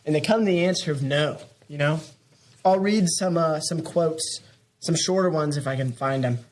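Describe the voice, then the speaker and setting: A man's voice: fairly high pitch, normal speed. Young man philosophizing in a rambling way. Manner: rambling and philosophizing, mock-preachy. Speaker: student guest. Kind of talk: casual podcast chat.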